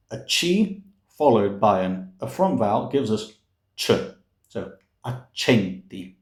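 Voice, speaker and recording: A male music language teacher with a mid-range, somewhat mellow voice explains the meaning and pronunciation of opera lyrics. He's patient and explanatory, adding playful asides and many fillers, in an echoey room.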